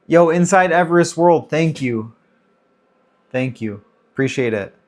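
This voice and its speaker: A man's voice: fairly high pitch, animated, a little slow. A man in his thirties hosting a casual livestream Q&A, chatting loosely and greeting viewers by name as he reads the chat. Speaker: livestream host.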